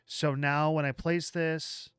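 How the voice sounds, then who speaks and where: A man hosting a livestream, walking through software live while thinking aloud, with halting restarts, and chatting with viewers as he works. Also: fairly high pitch, little pitch movement, clear, resonant tone, dry recording, studio quality. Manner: chats with viewers while working. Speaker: livestream host.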